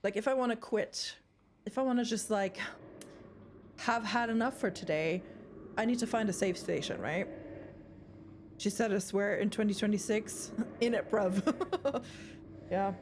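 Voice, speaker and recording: A woman's voice: mid-range voice, normal speed, pauses often, background noise. A young woman streaming a horror game live, rambling, swearing and screaming in fright, with a throat sore from screaming.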